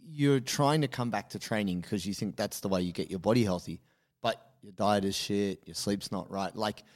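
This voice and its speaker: Lively man telling a story on a podcast. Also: on the low side, normal speed. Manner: animated storyteller, acts out quoted dialogue. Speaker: podcast co-host. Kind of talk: casual podcast chat.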